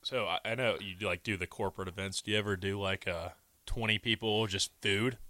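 A man's voice: lowish voice, steady tone, brisk, pushed and bright, no echo. A man co-hosting a radio chat, eager and teasing, telling stories about his teammates.

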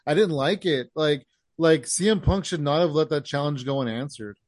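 A man with a slightly high voice co-hosts a casual wrestling chat, agreeing readily and floating his own theories. He laughs easily. The sound is dry and close, with no room echo. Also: moderate pace. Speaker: podcast co-host.

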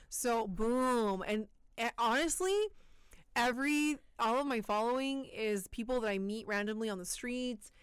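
A woman's voice: mid-range voice, smooth, no echo. A young woman with a Spanish accent, a student news anchor, chatting animatedly as an interview guest. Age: young adult. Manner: lively, chatty, animated quoting of herself. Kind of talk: casual interview chat.

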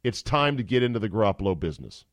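Man doing a gruff coach, cursing, blustering, dry close sound. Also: sits low, sing-song, measured pace, no room sound. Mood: angry. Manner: profane, blustering. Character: gruff, furious male head coach.

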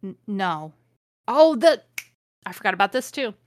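A woman's voice: mid-range voice, very animated, unhurried, no echo. A woman reading fan fiction aloud for laughs, breaking off with sarcastic, exasperated asides. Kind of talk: comedic read-along with commentary.

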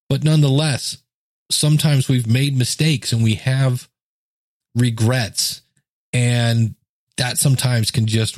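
A man's voice: medium pitch, a little mellow, dry recording, studio quality. A middle-aged man hosting a solo podcast, reading a story aloud and adding earnest, chatty asides. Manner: earnest, conversational, with fillers and emphatic asides. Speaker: podcast host. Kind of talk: casual solo podcast talk, reading and commenting.

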